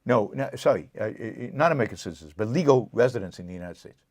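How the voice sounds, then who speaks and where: A man's voice: on the low side, expressive, rapid-fire, darkish tone, breathy edge, dry recording. A man hosting a live political commentary show, speaking with impassioned indignation and answering viewer comments directly. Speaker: show host.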